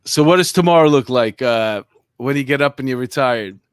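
A man's voice: medium pitch, normal speed, clear, resonant tone, no room sound, studio quality. A man in his fifties hosting a casual chat, telling stories in a talkative way with restarts. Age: 50s. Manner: storytelling, chatty with many restarts.

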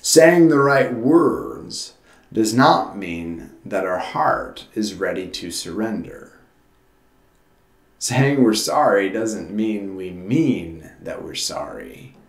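A man's voice: lowish voice, big pitch swings, takes it slowly, gravelly. A man preaching a sermon as pastor, in an earnest, conversational way with frequent restarts. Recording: roomy echo.

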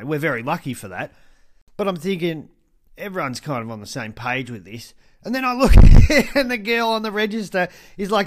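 An Australian man hosting a podcast with a stuffy nose from hay fever, telling stories in a chatty way, laughing often and swearing freely. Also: on the high side. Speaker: podcast host. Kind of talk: casual solo storytelling.

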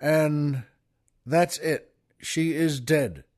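A man's voice: on the high side, drawn-out words, darkish tone. Grim state trooper in a spoken joke, plain and matter-of-fact, as a male host puts him on. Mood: deadpan.

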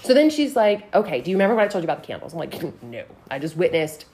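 A woman's voice: on the low side, big pitch swings, very fast, darkish tone, a little hiss or hum. A young woman from Texas telling a story in casual, profane chat and acting out the voices in quotes.

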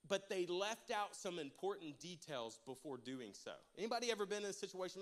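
A man with a high, light voice preaches in a church, spinning a funny personal story with lots of back-and-forth with the congregation. His delivery is animated and playful, then settles into earnest exhortation. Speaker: pastor.

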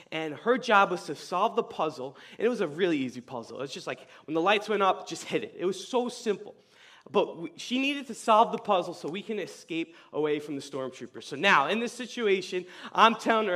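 Lively young male youth preacher. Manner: animated storyteller, casual slang, voice jumps high and loud in retold scenes. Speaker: youth pastor. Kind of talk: youth sermon.

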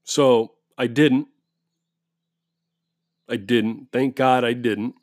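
A man's voice: medium pitch, fairly even intonation, extremely slow, a little mellow, dry recording, studio quality. A man telling his viewers a story as a heated, profane rant, often restarting his sentences. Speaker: vlogger.

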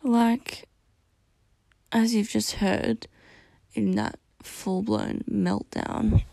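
Gravelly young woman venting candidly. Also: medium pitch, very animated, extremely slow, mellow, no room sound. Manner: raw, venting, frequent swearing. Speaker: podcast host. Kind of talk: candid solo podcast monologue.

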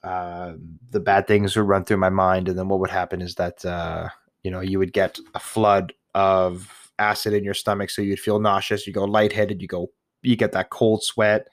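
A man's voice: low-pitched, level tone, moderate pace, dry recording, studio quality. A young man, a new father, talking casually and candidly to the camera, rambling, swearing often and laughing at himself. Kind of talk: casual personal monologue.

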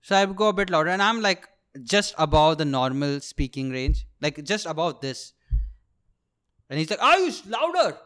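A young man with an Indian English accent, a podcast host and aspiring comedian, tells a story as a comedic monologue. He is animated, swears freely, and laughs at his own jokes. His voice is on the high side, clear and resonant, at a moderate pace.

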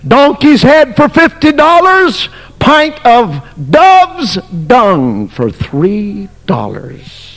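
A man preaching a sermon as pastor, telling a story dramatically, swinging from shouts to near whispers. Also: very high-pitched, wildly swooping pitch, drawn-out words, hardly any pauses. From United States.

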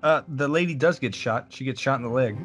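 A man's voice: mid-range voice, fairly quick, soft background music. A man co-hosting a casual movie podcast, adding dry, joking comments. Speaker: podcast co-host.

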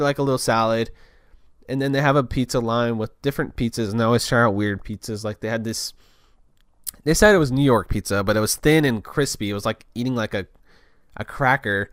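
A man's voice: mid-range voice, fairly bright tone, clean tone, dry recording, studio quality. A young man telling a casual story in a loose, rambling way, full of restarts and filler words.

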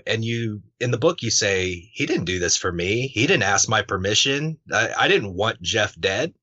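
A man hosting a podcast interview in a relaxed, conversational way, swearing now and then. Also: fairly low pitch, moderate pace, no echo. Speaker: podcast host. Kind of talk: casual interview chat. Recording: dull muffled podcast audio.

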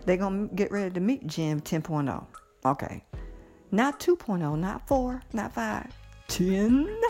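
A woman's voice: medium pitch, measured pace, faint music behind. A middle-aged woman in a casual monologue, giddy and blunt, cursing freely and laughing often. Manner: giddy, animated, swearing freely, frequent laughter. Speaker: vlogger.

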